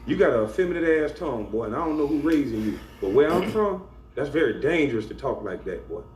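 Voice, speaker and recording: A man's voice: medium pitch, big pitch swings, brisk, a little mellow. A man giving a confrontational, scolding rant to camera as a YouTuber, stressing his points with emphasis. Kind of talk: ranting monologue to camera. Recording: echoey room with faint background hum.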